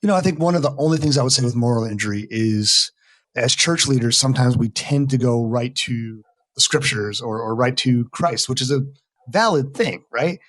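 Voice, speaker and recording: A man's voice: mid-range voice, normal speed, fairly bright tone, dry recording. A middle-aged American man, a guest in a podcast interview, speaking earnestly and emphatically in casual conversation. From United States. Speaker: veteran mental health worker, interview guest.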